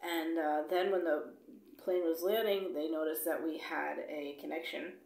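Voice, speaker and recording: A woman's voice: sits low, fairly even intonation, normal speed, vocal fry, darkish tone. A woman telling a travel story in a blunt, casual way, swearing freely and acting out the dialogue. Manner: blunt, swears freely, lots of "like" and "you know"; acts out dialogue when retelling. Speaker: vlogger. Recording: echoey room.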